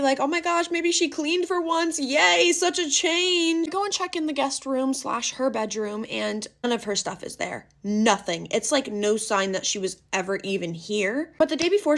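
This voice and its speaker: A young woman casually narrating a dramatic first-person story, chatty and animated, acting out her own panicked lines. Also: mid-range voice.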